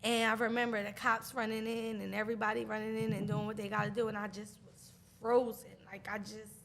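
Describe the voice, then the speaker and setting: Woman telling a raw grief story, gravelly voice, faint hiss behind, halting with nervous laughs. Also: mid-range voice, fairly bright tone. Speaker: guest. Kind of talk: emotional personal storytelling.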